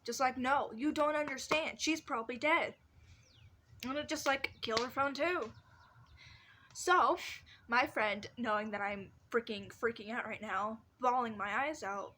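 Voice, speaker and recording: Bright-voiced young woman rambling. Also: a little high, fairly quick, slight background noise. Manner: rambling, with many restarts and fillers. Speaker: vlogger. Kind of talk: casual personal storytelling. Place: her bedroom.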